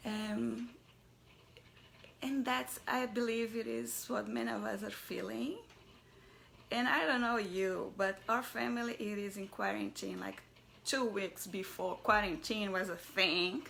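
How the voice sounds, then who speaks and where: A mother telling a personal story in a soft, halting voice that often drops to a whisper. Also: medium pitch, vocal fry, a little hiss or hum. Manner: halting, searching for words.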